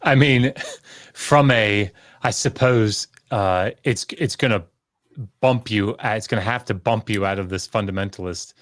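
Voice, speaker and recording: Male guest scholar, low voice, candid and self-deprecating, dry sound. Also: fairly bright tone, no echo. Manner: candid, self-deprecating, talks in quick bursts. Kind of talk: casual podcast conversation.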